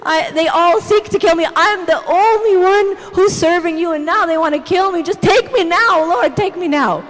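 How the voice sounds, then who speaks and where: A woman's voice: extremely high pitch, normal speed, big-room sound, voice pushed up. A woman voicing a melodramatic, despairing male prophet who wails theatrically. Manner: wailing, theatrical, sarcastic.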